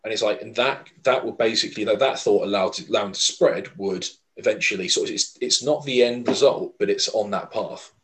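Earnest rambling man, lowish voice. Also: brisk, few pauses, a bit bright, poor audio. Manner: earnest, rambling, frequent fillers and restarts. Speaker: podcast co-host. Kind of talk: casual podcast chat.

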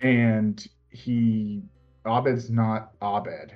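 A man's voice: on the low side, very slow, lo-fi sound, soft background music. A man casually chatting about a favorite TV show, rambling and laughing often as he retells scenes. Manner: rambling, laughs often, breaks into quoted voices.

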